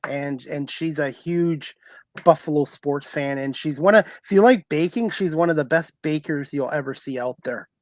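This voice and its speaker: A man's voice: fairly high pitch, moderate pace, dry recording. Male talk show host, dry close sound, friendly, easygoing, rambling questions. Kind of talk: live-streamed interview.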